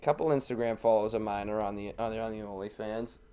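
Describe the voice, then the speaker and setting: A man's voice: fairly low pitch, fairly even intonation, fast, mellow, clean tone. A man co-hosting a podcast in casual chat, crude and jokey, laughing often. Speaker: podcast co-host.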